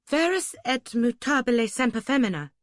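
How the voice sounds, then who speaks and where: A woman voicing a young woman disguised as a boy, answering in hesitant, halting bursts. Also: fairly high pitch, expressive, dry recording, clean studio sound, voice pushed up, close to an everyday voice. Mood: guarded.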